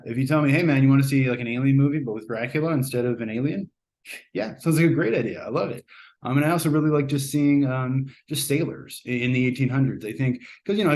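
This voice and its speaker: Rambling casual man reviewing a movie. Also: medium pitch. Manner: relaxed, rambling, frequent ums and uhs.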